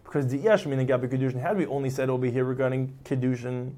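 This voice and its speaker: A man's voice: mid-range voice, fairly even intonation, quick pace, warm tone. A man teaching a Talmud passage, reading phrases aloud and then explaining them in casual English, acting out the speakers now and then. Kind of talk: explaining a text line by line.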